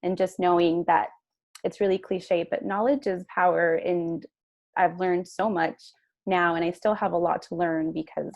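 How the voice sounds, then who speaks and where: Flat, gravelly woman sharing hesitantly. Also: on the low side, moderate pace, dry recording. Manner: hesitant, many fillers. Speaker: parent. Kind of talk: online meeting testimony. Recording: dull dry lo-fi audio.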